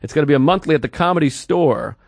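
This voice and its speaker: Slightly high-voiced grumbling male podcaster. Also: quick pace, creaky, no echo, studio quality. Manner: blunt, grumbling, swears freely. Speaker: podcast co-host. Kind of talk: casual comedic chat.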